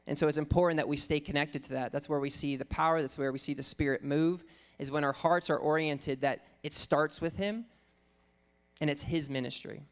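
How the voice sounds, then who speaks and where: A man with a somewhat high voice, preaching. He teaches earnestly, slowing down for scripture and stopping now and then to search for a word. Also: steady tone. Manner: earnest teaching, quotes scripture slowly, thinks aloud with fillers. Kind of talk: sermon.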